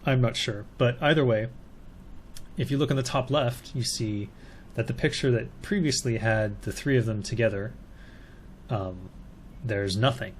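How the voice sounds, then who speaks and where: A man's voice: mid-range voice, moderate pace, pauses often, slight background noise. A man giving casual, tentative commentary while analysing a video. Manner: musing, tentative.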